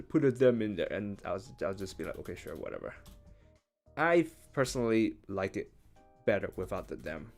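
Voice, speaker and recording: A man working through a translation out loud in a casual, chatty way, thinking as he goes. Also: medium pitch. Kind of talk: casual live-translation commentary.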